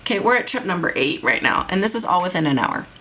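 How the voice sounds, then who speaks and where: A woman vlogger telling a work story in an animated, exasperated storytime way. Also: on the low side, fast talker, husky, lo-fi sound. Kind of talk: storytime vlog.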